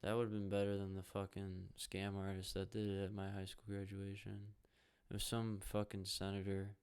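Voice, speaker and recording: Young guy podcasting solo, gravelly, swears a lot, rambles while watching hockey. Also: low-pitched, completely flat delivery, normal speed. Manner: profane, rambling, jokey, reacts out loud to the game. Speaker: podcast host.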